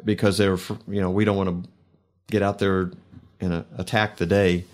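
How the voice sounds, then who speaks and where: A man with a very deep voice hosts a faith talk show. He speaks in a preacherly, reflective way, pausing often. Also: level tone, darkish tone. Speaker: host.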